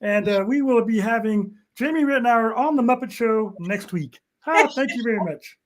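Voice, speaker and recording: A man's voice: very high-pitched, normal speed, a little hiss or hum, voice pushed up. A man voicing a cheerful, nervous little frog puppet with a hesitant, nasal delivery.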